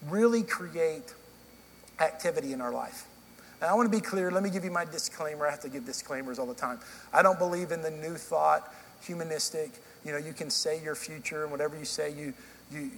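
A middle-aged male pastor preaches in a fairly high voice, telling stories in a loose, conversational way and often restarting his sentences. His words ring out with a long hall reverb in a church, and a faint hum sits underneath. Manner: conversational storytelling with frequent restarts. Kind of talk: sermon. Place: church sanctuary.

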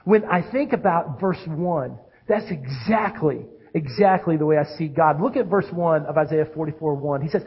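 A man preaching a sermon in a high, husky voice. He swings between ringing calls and quiet, hushed lines, and the audio sounds dull and muffled. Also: normal speed. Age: adult with children. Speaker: pastor.

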